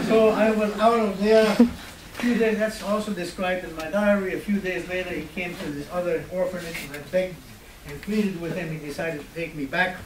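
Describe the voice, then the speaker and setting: A man's voice: high voice, moderate pace, reverberant, far from the mic, noisy background. An older man, a Holocaust survivor, telling his life story to an audience in a wry, conversational way. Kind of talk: storytelling talk. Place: hall at a university.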